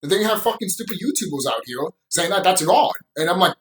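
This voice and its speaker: A man's voice: high voice, big pitch swings, fast, few pauses, poor audio. A man giving a casual, profane opinion commentary on a show, ranting with bursts of laughter. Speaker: YouTube show reviewer.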